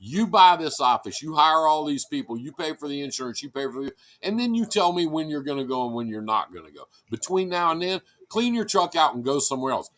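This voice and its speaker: A man with a bright, forceful, fairly high voice, chatting casually about his trucking business. He talks bluntly and swears freely. He raises his voice when he acts out what people said. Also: very animated, brisk, hardly any pauses. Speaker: trucking business owner, show regular. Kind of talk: casual chat, storytelling.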